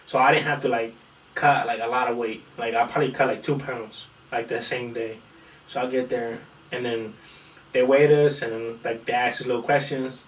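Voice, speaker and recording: A man's voice: mid-range voice, fairly even intonation, moderate pace. A young man in casual podcast chat, telling a rambling, profane fight story and acting out the quotes. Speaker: podcast guest, amateur fighter. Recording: echoey room, far from mic, faint noise.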